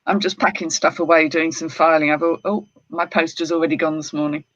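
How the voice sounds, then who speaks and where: A woman's voice: low voice, fairly even intonation, brisk, fairly bright tone. A woman chatting casually on a live stream, self-deprecating about her own habits. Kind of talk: casual chat. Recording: dull lo-fi call audio.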